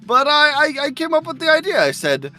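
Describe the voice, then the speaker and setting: A man's voice: very high voice, sing-song, fairly quick, sharp tone, soft background music, exaggerated voice. A man playing a boastful old vampire who rambles about inventing things in a tabletop role-play game. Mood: grandiose. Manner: pompous, rambling, old-fashioned phrasing.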